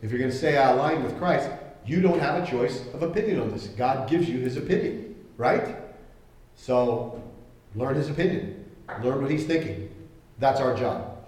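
A man preaching a sermon as pastor, conversational and animated, acting out the voices he quotes. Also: medium pitch, normal speed, long pauses. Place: church hall. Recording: echoey hall.

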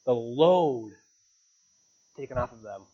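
A man's voice: lively intonation, slow pace, breathy edge, muffled recording. Earnest man preaching a sermon. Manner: earnest preaching, pitch and volume rising on emphatic lines. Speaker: pastor. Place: church.

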